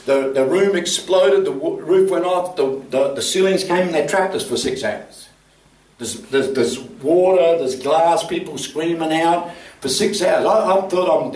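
An older man, preaching an animated sermon that he tells as a story, laughing as he goes. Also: a little high, measured pace. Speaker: pastor. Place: church. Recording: roomy church sound from a distant mic.

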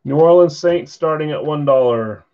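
A man with a mellow, slightly high voice at normal speed hosts a live card break stream. He yawns and sounds tired as he casually chats and calls out bids and sales, all on slightly dull lo-fi audio.

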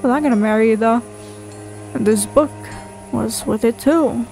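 A woman voicing a small, slimy, kindly male toad who speaks softly and courteously. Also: a little high, normal speed, creaky, faint music behind, rough recording. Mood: gentle.

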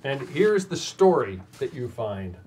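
A man's voice: mid-range voice, very animated, measured pace, a little mellow, slight background noise. A man narrating as game master for a tabletop game, describing scenes and calling on players in turn.

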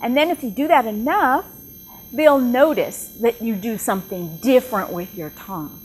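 A woman presenting at a teaching workshop, speaking deliberately and enunciating sounds carefully as she demonstrates. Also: a little high, a little hiss or hum. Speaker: ESL tutor trainer presenting at a workshop. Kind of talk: workshop presentation with live demo. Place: workshop room with whiteboard.

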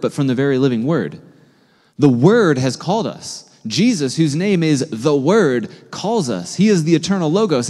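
A man preaching a sermon as a pastor, in a conversational, animated way, often asking his listeners questions. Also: on the high side, in a large hall. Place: church sanctuary.

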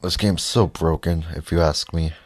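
A man giving casual gameplay commentary, reacting loudly to the race and muttering frustrated asides. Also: sits low, steady tone, moderate pace, dry recording. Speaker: let's play gamer.

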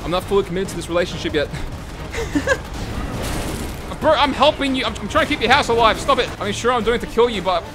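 A young man commentating on gameplay, yelling, swearing and laughing, going hoarse. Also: high voice, expressive, brisk, music in the background. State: hoarse from screaming. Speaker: gaming video host.

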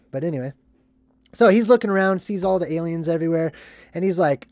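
A casual vlogger explains a movie in a loose, rambling way and keeps asking "right?". The voice sits at a middle pitch. The recording is dry and close, with almost no room sound. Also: a little fast, gravelly, long pauses, no room sound. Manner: animated, rambling, acts out scenes in put-on voices. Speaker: movie commentary host. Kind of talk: casual movie breakdown commentary.

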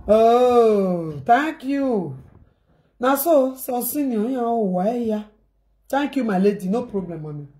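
A woman's voice: fairly high pitch, lively intonation, slow, mellow. A woman with a Nigerian accent talking casually to her viewers in a rambling, repetitive way, mixing in pidgin phrases.

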